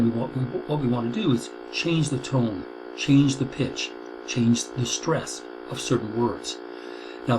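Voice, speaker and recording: A man in his sixties giving a recorded video lecture as a college instructor, in a measured, deliberate way that stresses key words. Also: mid-range voice, low-quality recording. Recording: steady hum under the voice.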